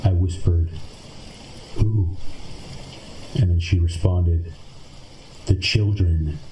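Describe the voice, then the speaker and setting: Deep, slow, flat-voiced male narrator. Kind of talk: scripted narration of creepy stories. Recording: echoey room with faint noise.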